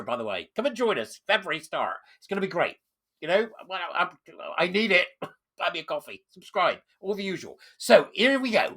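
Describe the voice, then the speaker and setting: A man's voice: high voice, brisk, husky. A man hosting a commentary show, reading news aloud and breaking off into sarcastic rants. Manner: animated and sarcastic, reads news aloud and interrupts it. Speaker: commentary host.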